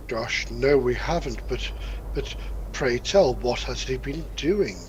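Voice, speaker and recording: Man, tabletop player, courteous, formal, medium pitch. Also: slow, dull audio, a little hiss or hum. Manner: polite, formal, punning. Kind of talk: in-character tabletop play.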